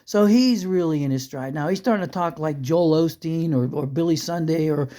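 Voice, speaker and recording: A man spins a story aloud in a casual, wandering way, doubling back on his words. His voice is warm and relaxed. He chuckles at the funny parts. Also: a little high, normal speed. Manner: conversational, rambling with restarts and asides; chuckles through funny moments. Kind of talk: spoken storytelling.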